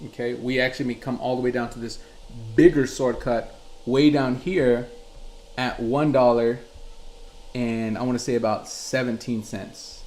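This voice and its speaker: A man's voice: medium pitch, a little mellow, slight background noise. A man hosting a live crypto chart class, reading chat messages aloud and explaining charts in a loose, conversational way. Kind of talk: live-streamed chart tutorial. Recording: roomy echo.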